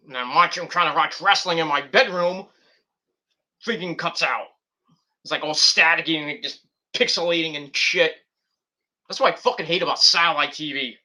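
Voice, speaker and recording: A sharp-toned man with a voice on the high side vlogs about wrestling. He rambles through casual commentary, swearing plenty and going off on tangents.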